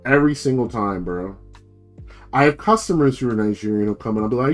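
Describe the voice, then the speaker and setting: A man's voice: medium pitch, fairly quick, pauses often, a little mellow, soft background music. Rambling young man ranting casually. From United States. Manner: profane, rambling, lots of filler "like". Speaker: VTuber streamer.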